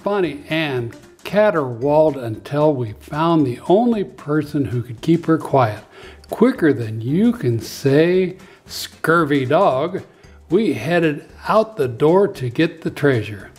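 Slow, expressive male storybook reader. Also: fairly high pitch, slightly rough, faint music behind. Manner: expressive, lively storytelling with voices. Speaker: preschool teacher reading aloud. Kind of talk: children's story read-aloud.

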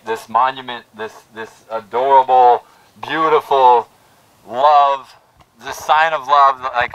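Bright-voiced man telling a story at a rally. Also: medium pitch, no echo, far from the mic, poor audio. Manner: heartfelt storytelling with restarts. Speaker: protest speaker. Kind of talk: speech at an outdoor rally. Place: outdoor town plaza.

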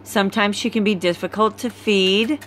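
A woman's voice: medium pitch, fairly even intonation, a bit bright, slight background noise. A tired woman breeder casually presenting a litter of puppies, filmed on a phone at home. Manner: slow, easygoing, chatty. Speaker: dog breeder.

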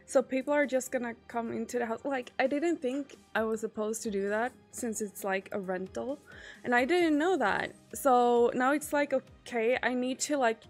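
A woman's voice: fairly high pitch, moderate pace, faint music behind. A woman streamer in casual chat with her viewers. She is chatty, swears often and trails off with fillers.

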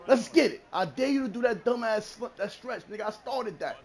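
Brief: male gamer with a very high, animated voice who trash-talks live gameplay. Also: fairly quick, few pauses, some chatter behind. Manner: loud, taunting, repeats phrases, swings from mutters to shouts. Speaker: gamer streaming a football video game.

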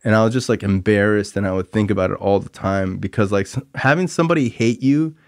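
A man's voice: on the low side, fast talker, dry recording, studio quality. A young man in his twenties hosting a podcast, telling a long personal recovery story in a rambling, candid, self-critical way, full of "like" and "um" fillers. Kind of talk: casual storytelling monologue.

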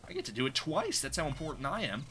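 A man's voice: medium pitch, very animated, quick pace, a bit bright, slight background noise. A man streaming a game live, chatting casually, reacting aloud and greeting viewers in chat. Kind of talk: live gameplay commentary.

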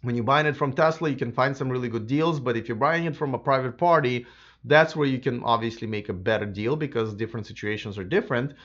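A man hosting a live stream, chatting casually with lots of fillers and restarts, his voice a bit hoarse from a sore throat. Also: medium pitch, fast, fairly bright tone, muffled recording. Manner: rambling, many fillers and restarts. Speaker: livestream host.

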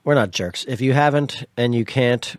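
A man's voice: mid-range voice, moderate pace, no room sound, studio quality. A man co-hosting a podcast, chiming in with jokes during casual chat. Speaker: podcast co-host.

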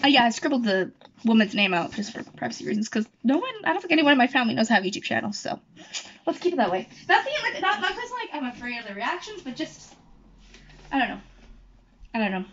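Rambling high-voiced young woman, lo-fi. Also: very animated, fast, fairly bright tone, a little hiss or hum. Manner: rambling, chatty, self-correcting. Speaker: YouTuber. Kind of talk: casual chat. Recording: dull lo-fi recording.

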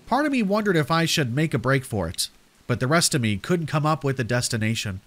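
A man's voice: medium pitch, sing-song, a little fast, a bit bright. Man narrating horror over rain. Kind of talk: scripted horror narration for sleep.

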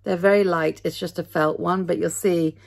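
A woman's voice: lowish voice, fairly even intonation, normal speed, creaky. A woman with a British accent, chatting casually at home in her vlog, rambling and often laughing at herself. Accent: British English. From Britain. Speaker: vlogger. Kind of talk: casual day-in-the-life vlog.

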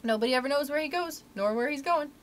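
A woman's voice: high voice, animated, fast, pitched above the performer's own voice. A woman reading aloud, voicing a chatty, folksy male cat's-meat seller who talks in a rustic way. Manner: folksy rustic talk, dropped letters. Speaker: library story reader.

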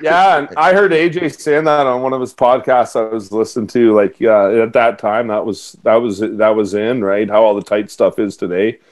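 A man's voice: on the low side, steady tone, normal speed, few pauses. A man, a former hockey player, telling a story in a casual interview, laughing as he goes and acting out what people said. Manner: laughs through anecdotes, acts out quotes.

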